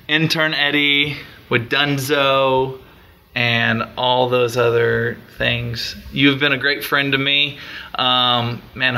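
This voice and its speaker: A man giving a slow, earnest thank-you in a tribute video, searching for words as the new youth minister. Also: mid-range voice, creaky, sharp tone.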